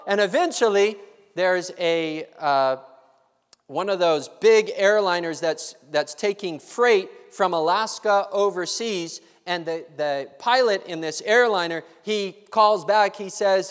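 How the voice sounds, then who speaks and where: A man's voice: high voice, unhurried, smooth. A man preaching a sermon, telling a story and acting out the voices of its people. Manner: animated, acts out voices in the story. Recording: long hall reverb.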